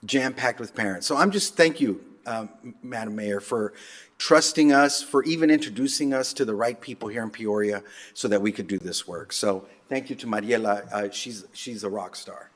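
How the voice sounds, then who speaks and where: A man, a speech and debate coach, giving animated storytelling remarks at a city council meeting. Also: lowish voice, moderate pace.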